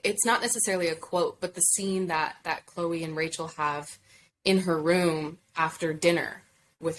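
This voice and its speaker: A young woman voice actor being interviewed on a casual podcast, bubbly and quick to laugh, reflective in her longer answers. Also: low-pitched, fairly bright tone, a little hiss or hum, low-quality recording. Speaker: voice actor guest.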